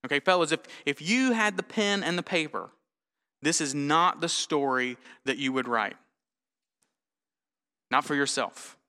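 A man preaching in a church, his voice bright and ringing, clean and resonant. He talks to the congregation like he's chatting with them, telling stories with a dry, self-mocking humor. The long tail of a big hall's reverb hangs behind every phrase. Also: on the high side, unhurried, pauses often. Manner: conversational, storytelling, self-deprecating humor. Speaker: pastor. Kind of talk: sermon.

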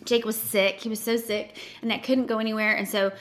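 A woman's voice: on the high side, flat delivery, a little fast. A woman hosting a casual chat, talking in a chatty way and sharing her own story. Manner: chatty, many "like" fillers.

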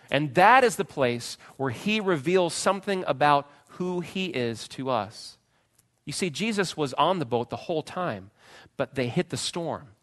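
A man preaching a sermon, retelling a story with dramatic swings from loud pleading cries to hushed, quiet phrases. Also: a little high. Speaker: pastor.

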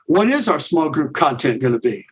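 A man's voice: a little high, big pitch swings, normal speed, breathy edge. A middle-aged man, a men's ministry leader, explaining his method step by step in a podcast interview with frequent restarts and repeated words. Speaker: guest, men's ministry director. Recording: dull, muffled sound.

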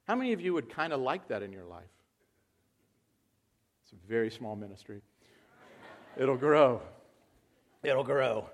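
A man preaching a sermon, moving from quiet, reflective talk to loud, excited calls to the congregation. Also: on the low side, brisk, pauses often. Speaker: pastor.

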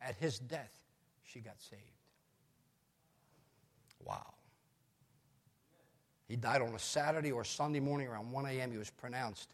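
An older male pastor preaching a sermon, telling anecdotes with animated asides in a husky voice. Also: medium pitch, unhurried, pauses often, in a large hall.

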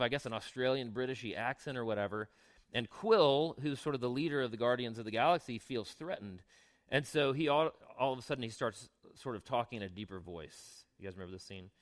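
A younger man, a pastor, preaching a sermon in a relaxed, conversational way, mixing scripture readings with asides and questions to the congregation. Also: medium pitch, brisk.

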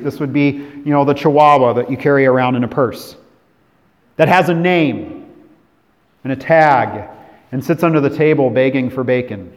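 A Californian pastor preaches a sermon at medium pitch, moving between emphatic declarations and hushed, drawn-out phrases. A long hall reverb fills the recording.

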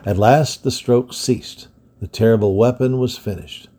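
A man with a gravelly voice reading a historical adventure book aloud in a steady, measured way. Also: mid-range voice. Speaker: storybook reader.

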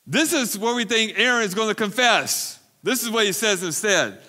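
Male pastor giving a sermon; emphatic, repeats for stress, bright and a touch high. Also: animated, normal speed. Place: church recovery meeting.

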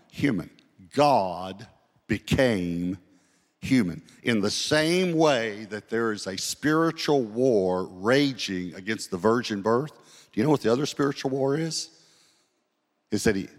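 Male pastor, sermon delivery, slows for scripture, large reverberant hall. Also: on the low side. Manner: storytelling, slows down to read scripture.

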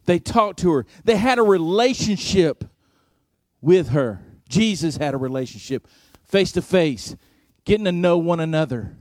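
A man preaching a sermon, telling a story slowly and deliberately, his volume rising and falling for effect. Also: on the high side, animated, darkish tone, no echo, studio quality. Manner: slow, deliberate preaching with dramatic swings in volume.

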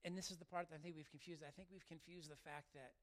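A man preaching a sermon to his church, animated and talking straight to the congregation. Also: on the high side, fast talker. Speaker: pastor.

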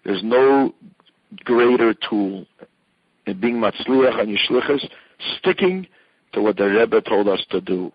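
An older man speaks with fervent conviction, his voice husky and a little breathy. He hammers points home through repetition and drops Yiddish and Hebrew phrases into his talk. The recording is dry and somewhat muffled. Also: on the low side, expressive, a little slow, pauses often, no echo. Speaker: Chabad rabbi. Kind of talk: impassioned interview answer.

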